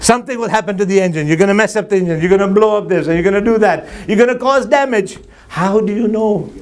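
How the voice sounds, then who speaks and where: Speaking quickly in a high voice, a Muslim preacher gives an anecdote-filled sermon before a crowd in a mosque hall. He's lively, joking with his listeners and performing the dialogue in his stories.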